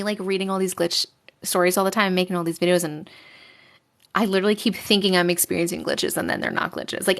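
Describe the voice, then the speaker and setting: A young woman hosting a casual live stream, chatting with viewers and reading their stories aloud, giggly and sometimes dropping to a whisper. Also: mid-range voice.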